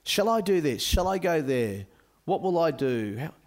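Casting: male camp speaker, bright voice, swooping delivery, joking sermon to youths. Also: a little high, moderate pace. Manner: animated, joking with a youth audience.

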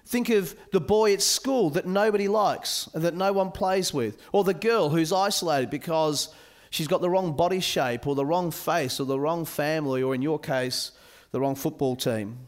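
A man giving a sermon at a youth camp, animated and joking with his listeners. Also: a little high, moderate pace. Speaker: camp speaker.

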